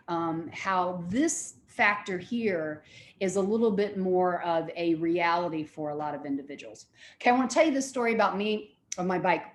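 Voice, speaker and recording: A woman lecturer and therapist telling stories in an animated way, often repeating herself. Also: on the low side, moderate pace, echoey room. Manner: animated storytelling with repetitions. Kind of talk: recorded lecture.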